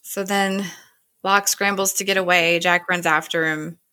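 A woman's voice: fairly low pitch, fairly even intonation, a little slow, pushed and bright. A woman casually retelling a TV episode scene by scene, quoting the characters with "he's like" and "she's like". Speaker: show recapper.

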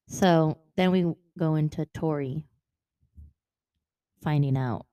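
Low-voiced woman gushing over a book. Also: slow, no room sound. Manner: animated, swears freely, acts out characters' lines. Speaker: podcast co-host. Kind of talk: casual book discussion.

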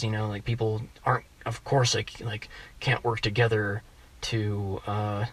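Halting American man thinking aloud. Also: lowish voice, level tone, a bit bright. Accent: General American. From United States. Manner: halting, many restarts and fillers, thinking aloud. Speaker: guest economist. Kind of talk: casual interview chat.

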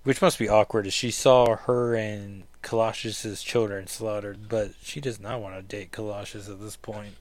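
A man's voice: fairly low pitch, level tone, normal speed, few pauses, no echo. A man hosting a podcast, chatting casually and second-guessing himself while commenting on a comic book. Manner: chatty, self-questioning, with fillers. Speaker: podcast host.

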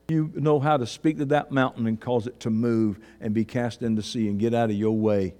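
A male pastor preaching a sermon, swinging between fervent shouts and low, hushed emphasis. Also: steady tone, moderate pace, hardly any pauses. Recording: long reverb of a large hall.

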